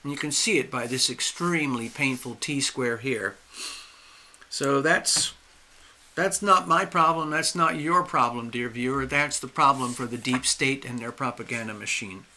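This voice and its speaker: A man hosting a live astrology stream, speaking emphatically with drawn-out stresses and restarts while losing his voice. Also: medium pitch, pushed and bright, a little hiss or hum. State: losing his voice, clearing his throat. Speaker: astrology and tarot livestream host.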